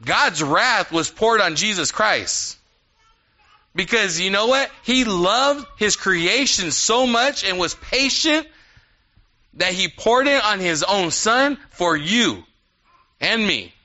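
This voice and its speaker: Man preaching, lively and conversational, very bright, forceful voice. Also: high-pitched, slow pace. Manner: animated, conversational preaching with asides. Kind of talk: sermon. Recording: dull lo-fi sound.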